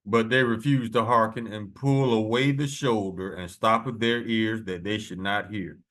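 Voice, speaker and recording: A man reading scripture verses slowly and adding blunt, profane commentary between them. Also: lowish voice, steady tone, fairly bright tone. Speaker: preacher.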